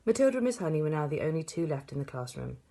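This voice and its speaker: Woman, storybook read-aloud, low voice, husky, steady. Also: very fast. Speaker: audiobook reader.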